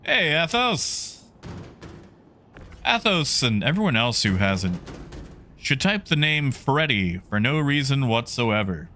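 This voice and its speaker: A man's voice: mid-range voice, big pitch swings, measured pace, pushed and bright, slight background noise. A man streaming a game, chatting casually and greeting viewers in the chat by name.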